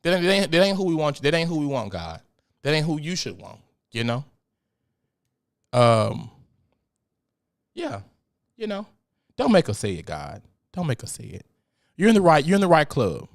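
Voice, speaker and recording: A very animated host with a creaky, high-ish voice rants at a moderate pace on his casual solo podcast, pausing often. He's blunt, profane and jokey, and turns mock-preachy when he addresses God.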